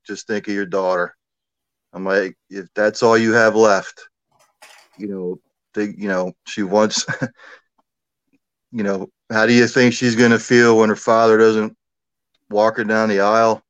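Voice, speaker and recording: Low-voiced man telling a story casually. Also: little pitch movement, measured pace, pauses often, clean tone, no room sound, lo-fi sound. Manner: conversational, many fillers and asides.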